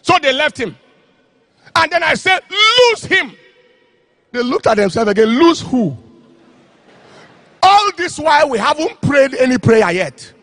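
Impassioned high-voiced male preacher. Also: big pitch swings, moderate pace, pauses often, dry recording. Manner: impassioned preaching, shouting and chanting phrases. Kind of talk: sermon.

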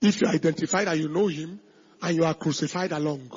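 A male pastor preaching a sermon with emphasis, shifting between shouted lines and hushed asides. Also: a little high, quick pace, slightly rough, highs cut off.

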